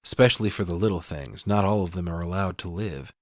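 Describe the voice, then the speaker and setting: A man's voice: deep voice, fast talker, no room sound, studio quality, pitched below the performer's own voice, natural voice. A man voicing a stern, secretive rural mother who drawls curt, withholding answers. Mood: evasive, cold.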